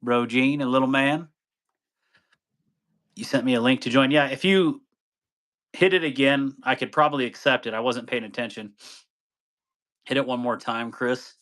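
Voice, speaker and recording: A man's voice: mid-range voice, normal speed, long pauses, fairly bright tone. A man hosting a casual live stream, greeting viewers by name, chatting loosely and laughing easily.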